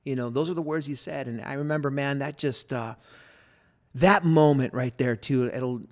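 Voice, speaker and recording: Middle-aged male pastor, podcast guest; earnest, filler-heavy testimony, mid pitch, sometimes goes soft and hushed. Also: normal speed. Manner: earnest storytelling with many fillers. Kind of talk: personal testimony in a podcast interview.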